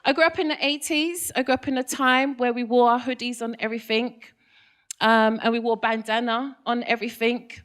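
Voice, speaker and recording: A woman's voice: a little high, steady tone, fairly quick, a bit bright. A woman in her thirties with a London accent, doing a stand-up comedy set and teasing the crowd with questions. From England. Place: comedy club stage.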